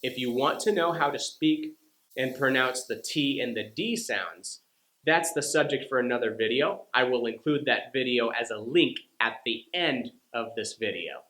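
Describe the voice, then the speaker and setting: A man teaching English pronunciation, speaking slowly and deliberately and carefully sounding out example words for learners. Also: mid-range voice, a bit bright. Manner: slow, deliberate, over-articulated demonstrations. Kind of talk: scripted lesson to camera. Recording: roomy echo.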